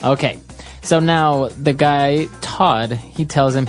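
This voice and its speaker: A woman's voice: sits low, takes it slowly, faint music behind. A woman hosting an English lesson podcast, explaining phrases steadily with frequent affirmations. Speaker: podcast host, English teacher.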